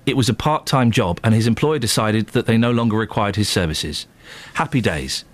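A man hosting a radio show, chatting casually and reading listener emails aloud in a jokey, animated way. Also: lowish voice, fast. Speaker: radio host.

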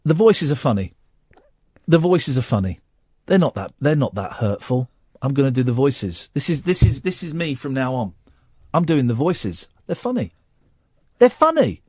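A man's voice: mid-range voice, animated, moderate pace, a little mellow, breathy edge, no echo, clean studio sound. A man hosting a radio show, teasing and joking in casual banter, often stumbling and repeating words. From Slough, England. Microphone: studio mic.

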